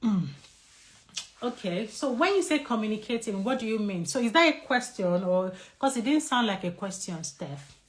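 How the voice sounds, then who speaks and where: A woman doctor with a Nigerian English accent giving a lively live talk on stress and answering viewer questions. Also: a little high, normal speed.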